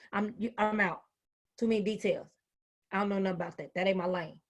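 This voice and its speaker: A woman in her fifties, a retired school administrator, giving an animated, folksy talk to educators. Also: mid-range voice. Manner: animated, folksy, acts out quoted voices. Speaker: educational speaker. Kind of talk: motivational talk.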